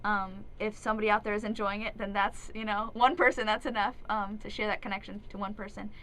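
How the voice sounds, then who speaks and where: A woman's voice: medium pitch, little pitch movement, fast talker, a bit bright, low-quality recording. A young woman, an actress and singer, chatting earnestly and giggling as a guest in a radio studio interview. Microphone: studio microphone.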